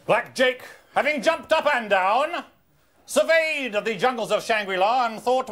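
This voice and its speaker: A man's voice: extremely high pitch, animated, unhurried, a bit bright. A man narrating a mock-heroic adventure story with wry humor. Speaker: improv performer.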